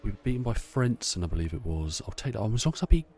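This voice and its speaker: Low, mellow-voiced man playing a racing game. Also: sing-song, fast talker, slight background noise. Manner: chatty, self-deprecating, talks to himself while racing. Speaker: gameplay streamer. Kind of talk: casual gameplay commentary.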